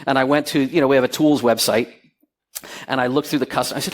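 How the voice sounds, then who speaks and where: A man's voice: mid-range voice, fast talker. A middle-aged man speaking on stage at a security conference, telling stories and acting out the dialogue in them. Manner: animated storyteller, acts out quoted dialogue. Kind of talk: lively conference talk. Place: conference hall with audience.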